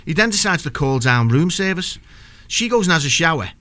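A man's voice: a little high, very animated, brisk, pushed and bright. A man, co-hosting a casual football chat and telling rambling anecdotes with lots of restarts. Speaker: podcast co-host.

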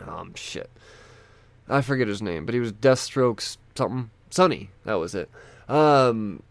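A man's voice: fairly low pitch, animated, measured pace, gravelly, no echo. A man chatting casually about new releases, rambling and loosely profane, thinking aloud as he goes. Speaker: comic book vlogger. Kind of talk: casual chat.

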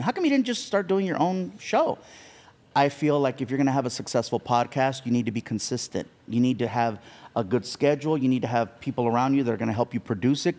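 Guesting on a podcast, a man chats casually and tells stories as an animated narrator, acting out the lines he quotes. His voice is mid-range, and the recording carries a long reverb tail.

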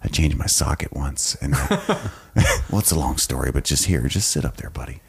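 A man's voice: rumbling low, huge pitch swings, moderate pace, gravelly, a little hiss or hum, pitched below the performer's own voice, heavily acted. Brenner: a man doing a smarmy Minnesota lab boss. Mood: smarmy coaxing. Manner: falsely friendly, wheedling. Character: smarmy male lab director coaxing a prisoner.

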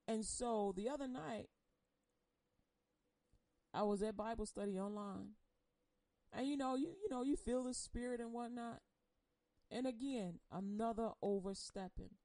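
A woman giving an impassioned personal testimony on air. She speaks emotionally and bluntly, swinging between loud outbursts and hushed confession. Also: a little high, unhurried, pauses often, no room sound, rough recording. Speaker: churchgoer sharing a personal testimony.

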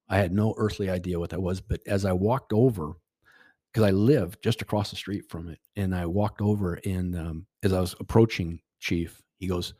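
Deep husky man telling a story. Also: a little mellow, no room sound, clean studio sound. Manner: rambling, with many restarts and quoted dialogue. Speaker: podcast guest. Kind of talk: casual storytelling.

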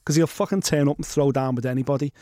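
A man's voice: mid-range voice, quick pace, warm tone, no echo. Ranting man, dry close mic. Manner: blunt, swears freely, rants with mock quotes. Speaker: podcast co-host. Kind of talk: casual sports chat.

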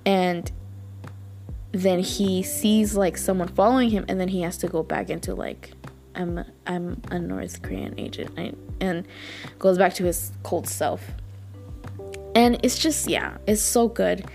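A woman's voice: mid-range voice, unhurried, vocal fry, darkish tone, soft background music. A woman hosting a podcast, chatting casually and gushing, with lots of fillers. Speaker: podcast host. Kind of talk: casual chat.

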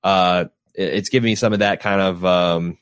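A man's voice: low voice, steady tone, moderate pace, smooth, no echo, clean studio sound. A man chatting casually about TV shows, rambling with lots of fillers and the odd swear.

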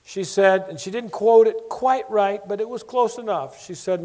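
A man with a notably high voice preaches to a congregation, moving through stories in an animated way. He acts out the voices of the people he quotes as he tells each story. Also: normal speed, few pauses. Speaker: preacher and Bible teacher. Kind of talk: sermon with storytelling.

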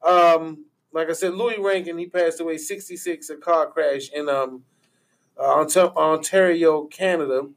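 A man's voice: on the high side, steady tone, a little slow. A man co-hosting a loose, profane casual chat, often steering it back to the topic. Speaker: podcast co-host.

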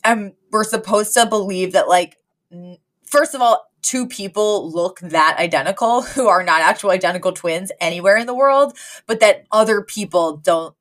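A woman co-hosting a podcast, chatting casually about a sitcom episode and acting out the characters' lines with sudden jumps in pitch. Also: fairly bright tone. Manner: chatty, acts out quotes with quick pitch jumps. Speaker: podcast co-host.

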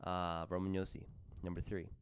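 A man's voice: low voice, monotone, moderate pace, slight background noise. A man hosting a casual sports podcast, rambling with many fillers and self-corrections. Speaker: podcast host.

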